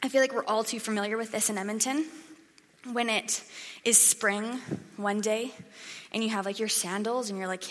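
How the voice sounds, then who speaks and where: A woman's voice: mid-range voice, steady tone, normal speed, sharp tone. A young woman giving a casual, chatty sermon, acting out crowd voices as she tells the story. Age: young adult. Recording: echoey hall reverb.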